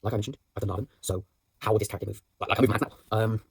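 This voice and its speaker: Fast-talking husky young man. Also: fairly low pitch, steady tone, no room sound. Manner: rambling, many fillers and restarts. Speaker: drama student. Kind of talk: reflective voice note on acting practice. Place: indoors at home.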